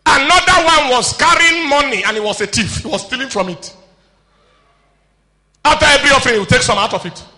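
A man preaching a sermon, swinging between shouted declarations and low, quiet asides, often calling out questions to the congregation. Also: expressive, a little fast, pauses often, long reverb tail.

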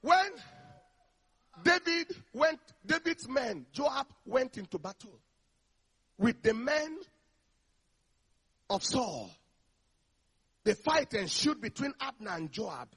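Preacher, male, high bright husky voice, emphatic call-and-response sermon delivery. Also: very animated, slow, long pauses. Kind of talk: energetic sermon.

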